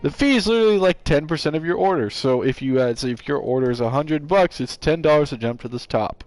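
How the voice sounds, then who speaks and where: A man's voice: on the high side, animated, fast, darkish tone, dry recording. A man streaming live, telling a story from work in a rambling, casual way with frequent restarts. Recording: game music playing behind. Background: video game music.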